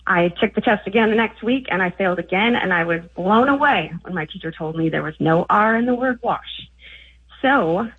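A woman from northern Minnesota calls into a radio show over a tinny phone line. Her voice is low for a woman and husky, and she tells her story in a chatty way with fillers. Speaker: caller.

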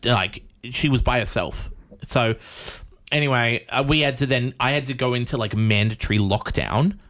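A man co-hosting a casual chat show, telling stories in a rambling, animated way full of fillers. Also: mid-range voice, moderate pace. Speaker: podcast co-host.

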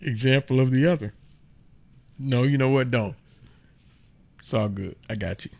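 A man in casual conversation, teasing and laid-back, with low mumbled asides. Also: moderate pace, vocal fry, darkish tone, no room sound. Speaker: conversation partner. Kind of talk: casual chat.

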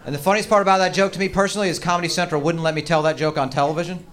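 A middle-aged stand-up comedian rants profanely in a slightly high voice. He keeps mocking himself, heavy on the swearing. Crowd laughter keeps breaking over his set. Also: fairly even intonation, rapid-fire, background noise. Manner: profane, ranting, self-mocking. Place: comedy stage. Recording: live club set with audience laughter.

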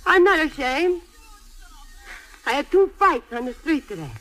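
Fiery widow, middle-aged woman, high lively voice, broken English, old film drama. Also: a little slow, low-quality recording. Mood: consoling. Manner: blunt, emotional, broken English. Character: fiery Italian immigrant widow, seamstress.

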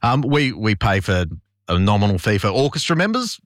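A man's voice: on the low side, a little fast, no echo, studio quality. An Australian man, a community theatre performer, talking enthusiastically as a radio guest. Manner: enthusiastic, lively. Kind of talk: radio interview. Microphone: studio mic.

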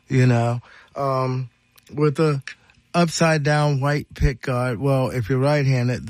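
A man's voice: mid-range voice, a little mellow, dry recording. An older man from Ohio, a guest musician chatting in a radio studio, rambling and telling stories with lots of fillers. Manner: rambling storyteller, many fillers, acts out voices. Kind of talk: casual radio interview chat.

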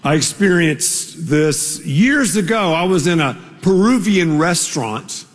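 A man preaching a sermon as a pastor, telling a story in a slow, conversational way with small asides. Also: fairly high pitch, expressive. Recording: long reverb of a large hall.

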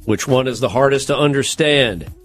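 A man's voice: medium pitch, normal speed, faint music behind. A man co-hosting a casual comedy podcast, reading survey results aloud and cracking jokes along the way. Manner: joking, reads news items aloud with asides. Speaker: podcast co-host.

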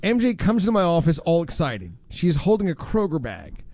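A man hosting a radio show, telling a story in an animated, teasing way. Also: a little high, moderate pace, no room sound. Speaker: radio host. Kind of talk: morning radio banter. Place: radio studio.

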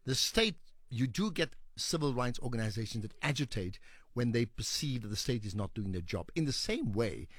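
A man's voice: mid-range voice, animated, brisk, dry recording. A man hosting a call-in radio show, responding to callers and arguing his points firmly. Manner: argues firmly, rising to emphatic appeals. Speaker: radio talk show host. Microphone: studio microphone.

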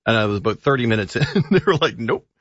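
A man's voice: mid-range voice, no echo. Chatty male radio co-host, dull broadcast sound. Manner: relaxed, chatty, halting with fillers. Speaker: radio co-host, film reviewer. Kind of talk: casual radio chat. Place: radio studio.

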